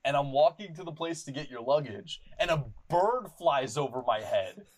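A young adult man hosting a podcast, telling a rambling, animated story full of swearing and fillers like "like.". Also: on the high side, moderate pace, low-quality recording. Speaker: podcast host. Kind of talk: casual storytelling chat.

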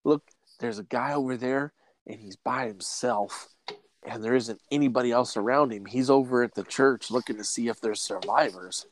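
A man's voice: medium pitch, normal speed, slight background noise. A man running a tabletop game as game master, narrating with frequent hesitations. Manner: hesitant, lots of fillers and restarts.

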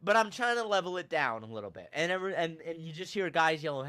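A young man hosting a podcast, telling a funny story with animated, self-mocking drama and big swings in his voice. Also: fairly high pitch, fast, smooth. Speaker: podcast host. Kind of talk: comedic storytelling in casual chat.

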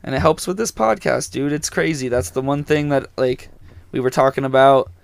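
A man's voice: mid-range voice, moderate pace, vocal fry, clean tone, dry recording. A young man co-hosting a casual podcast chat at a campsite, laid-back and swearing casually. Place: camper van at a campsite.

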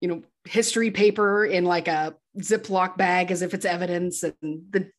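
A woman's voice: fairly low pitch, normal speed. A woman co-hosting a podcast, animatedly retelling a film's plot in casual conversation. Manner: animated, chatty retelling with laughs. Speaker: podcast co-host. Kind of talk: casual film recap.

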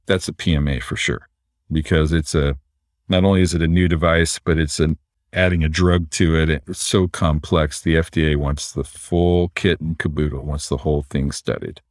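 A man, a physician and entrepreneur, explaining things in a relaxed conversational way and often tagging his points with "right?". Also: a bass voice, moderate pace, dry recording, studio quality. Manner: relaxed, explanatory, frequent "right?" tag questions.

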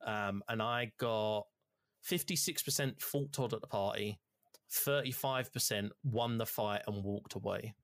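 A man in casual chat, recounting a video game's choices with lots of swearing and animated storytelling. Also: fairly low pitch, a little slow, dry recording, studio quality. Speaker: podcast co-host.

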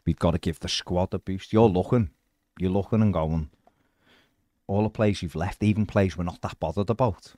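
A man with a very low, deep voice talks football in a loose, chatty way and reads out viewer messages as a podcast co-host. His voice sits on a dry, close mic with no room sound. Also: normal speed, dark tone, no room sound. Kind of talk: casual football chat.

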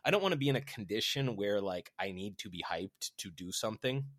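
Man, lowish voice, rapid rambling podcast chat, dry close mic. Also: animated, a bit bright, dry recording. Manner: rambling, with many "right?" and "like" fillers; acts out quoted voices with big pitch jumps. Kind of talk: casual chat.

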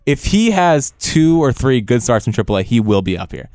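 A man's voice: mid-range voice, big pitch swings, moderate pace, darkish tone, no echo, clean studio sound. A young man co-hosting a casual sports podcast, talking eagerly and rambling with many restarts. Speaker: podcast co-host.

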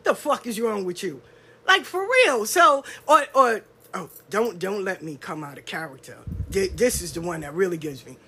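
A woman's voice: mid-range voice, animated, moderate pace, pushed and bright, slightly rough. A woman, hosting a solo podcast and ranting bluntly and profanely, acting out other people's voices. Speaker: podcast host. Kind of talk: casual solo podcast rant.

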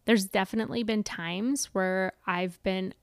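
Woman, podcast co-host, mid pitch, animated storyteller, dry close mic. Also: measured pace, no echo. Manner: animated storyteller, laughs often. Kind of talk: casual chat.

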